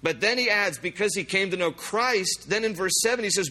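A man preaching a sermon, reading scripture aloud with emphasis and slowing down for the verses. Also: high voice, lively intonation, bright, forceful tone. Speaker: pastor.

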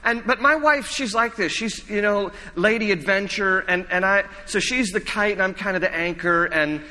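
Bright-voiced male pastor preaching in a hall. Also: high voice, moderate pace. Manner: conversational, repetitive preaching with humor. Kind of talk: sermon. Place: church. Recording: reverberant church hall.

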